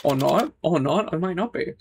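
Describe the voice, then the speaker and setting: A woman's voice: lowish voice, sing-song, slight background noise. Bubbly woman streaming a game. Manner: chatty and bubbly, trailing off with quick laughs. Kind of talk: casual live-stream chat.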